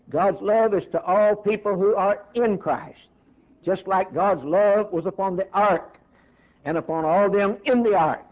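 A man preaching a fervent sermon, leaning hard on slow, stressed lines. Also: sits high. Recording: dull lo-fi sermon recording.

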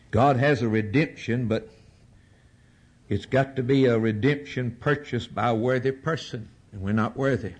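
Older male preacher, fervent sermon delivery, surges and drops in intensity. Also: medium pitch. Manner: preaching with rising fervor and sudden drops.

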